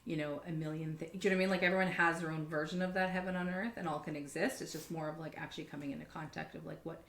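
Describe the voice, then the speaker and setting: A woman's voice: low voice, fairly even intonation, very fast, a bit bright, roomy sound. A woman in a casual podcast conversation, telling stories animatedly and swearing freely, with many fillers.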